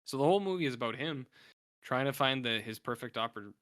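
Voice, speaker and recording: Brightish rambling male podcast host. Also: mid-range voice, lively intonation, fast, no echo, clean studio sound. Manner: rambling retelling with acted-out quotes. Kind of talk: casual film review chat.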